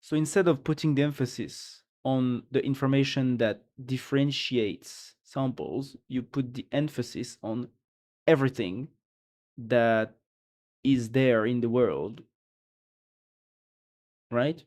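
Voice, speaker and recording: A man streaming live, reading technical text aloud and thinking it over in a loose, halting way, with restarts and trailing asides. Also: mid-range voice, a little mellow.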